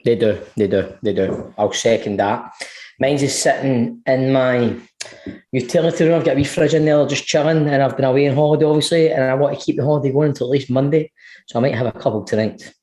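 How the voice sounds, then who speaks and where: A man co-hosting a football podcast in a relaxed, agreeable way, often chiming in with short agreement. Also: mid-range voice, fast. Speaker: podcast co-host. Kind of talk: casual football chat. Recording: echoey room.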